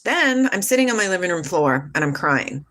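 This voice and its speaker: A woman's voice: lowish voice, sing-song, brisk, a bit bright. A woman telling a personal story to her live chat, rambling and emotional, swearing, losing her train of thought and starting over.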